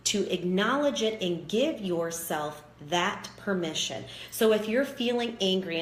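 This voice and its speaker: A woman with a slightly low voice leads a self-help lesson in a calm, encouraging way. She explains each step clearly, and the recording carries a roomy echo with a faint hiss underneath. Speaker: wellness teacher. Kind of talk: guided self-help talk. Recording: echoey room with faint background noise.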